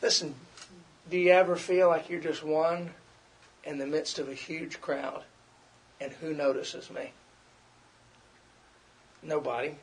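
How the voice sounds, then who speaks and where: A man's voice: fairly high pitch, little pitch movement, slow pace, pauses often. A middle-aged man preaching a conversational sermon, repeating himself and acting out quoted complaints.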